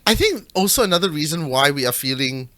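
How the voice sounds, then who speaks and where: Bright-voiced opinionated man. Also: fairly high pitch, big pitch swings, fast. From Malaysia. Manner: opinionated, joking, swears. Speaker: podcast co-host. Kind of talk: casual chat.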